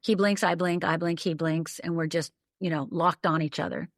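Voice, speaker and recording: A woman's voice: fairly low pitch, fairly even intonation, moderate pace, dry recording, studio quality. An older woman from the northern United States telling a personal story as a podcast guest, vivid, detailed and emphatic. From Upper Michigan, USA.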